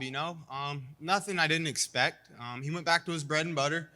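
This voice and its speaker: Brief: young male fighter, brash and self-assured, crisp bright tone, casual post-fight interview. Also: on the high side, steady tone, brisk. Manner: confident, cocky trash talk with frequent "you know".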